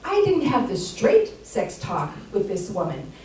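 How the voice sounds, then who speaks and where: A woman's voice: medium pitch, wildly swooping pitch, a little slow, heavy background noise. A woman in her sixties doing a stand-up set, chatty and laughing at her own lines. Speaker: stand-up comic. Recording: echoey theater, distant mic, audience.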